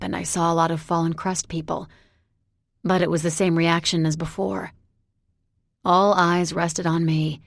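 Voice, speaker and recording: A woman reads a novel aloud in the first person, measured and introspective. Her pace is slow and her voice sits fairly low, in a dry, close recording. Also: gravelly, no echo. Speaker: audiobook narrator. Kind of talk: first-person audiobook narration.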